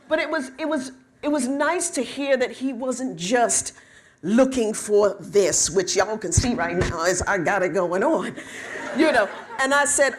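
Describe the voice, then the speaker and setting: Middle-aged woman, stage storyteller, animated and funny, does voices for the people she quotes. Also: on the high side, normal speed. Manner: lively, animated, quotes people in voices, laughs at own jokes. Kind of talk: personal storytelling talk.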